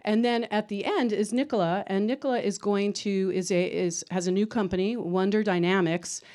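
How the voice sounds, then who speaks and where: A woman's voice: mid-range voice, fairly even intonation, normal speed, darkish tone. A woman moderating a conference panel, introducing the panelists in a conversational, explanatory way to a live audience. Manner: conversational, explanatory, some fillers.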